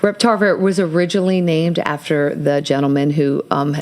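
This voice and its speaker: A woman runs a legislative committee hearing from the chair. Her talk is halting and procedural, full of "um" and restarts as she walks members through motions. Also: low voice, little pitch movement, a little mellow. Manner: halting, with many fillers and restarts.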